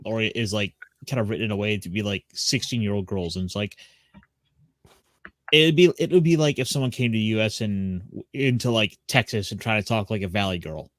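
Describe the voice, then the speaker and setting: A man hosting a casual anime talk show, relaxed and jokey as he steers the conversation. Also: lowish voice, a little fast, dry recording, studio quality. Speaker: podcast host. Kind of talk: casual chat.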